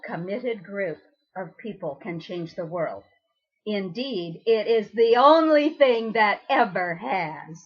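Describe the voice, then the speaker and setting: Slow, husky-voiced priestess. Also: female voice, on the low side, dull audio. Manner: earnest, encouraging, speaks straight to listeners; loose and unscripted, with many ums and uhs. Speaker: presiding priestess of a goddess temple. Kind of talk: inspirational recorded message.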